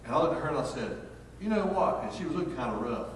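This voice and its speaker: A man's voice: on the high side, expressive, fast talker, a little hiss or hum. A man, a pastor preaching a sermon in a folksy, storytelling way. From North Carolina, USA. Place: church sanctuary. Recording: echoey hall, picked up from far off.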